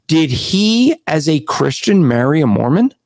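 A man hosting a casual online discussion over a video call, talking at length, restarting sentences and clearing his throat. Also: a little high, big pitch swings, unhurried, darkish tone, no room sound. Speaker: podcast host.

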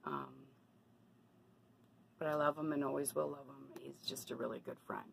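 A woman's voice: sits low, normal speed, gravelly, a little hiss or hum, poor audio. A woman talking casually to her camera in a personal vlog, confiding and then indignant about bad deals. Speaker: vlogger.

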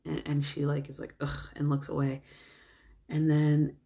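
A young woman casually retelling a film plot, rambling with fillers and soft asides. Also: sits low, little pitch movement, moderate pace, gravelly. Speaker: vlogger.

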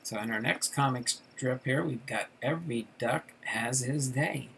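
Middle-aged male host, unhurried chatty delivery, faint background noise. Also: mid-range voice, creaky, fairly bright tone, rough recording. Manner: chatty, laughs at the jokes, loosely voices the strip characters. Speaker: card collector channel host. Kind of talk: casual livestream reading comic strips aloud.

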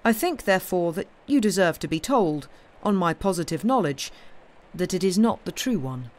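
A mild, shrewd little priest with an easy, friendly way of talking as a man acts him out. His voice sits a bit high and gentle in this storybook reading. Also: expressive, normal speed. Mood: measured.

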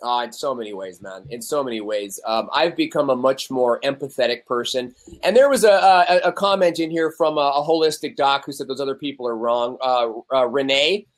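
A man's voice: medium pitch, fairly quick, few pauses. A young adult man, a podcast guest, talking candidly and animatedly in casual conversation and acting out the voices he quotes.

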